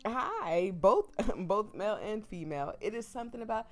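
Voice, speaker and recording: A woman's voice: mid-range voice, expressive, fairly quick, soft background music. A woman playing a dating game, reading the story aloud and reacting in gushing, giggly asides. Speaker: let's play streamer.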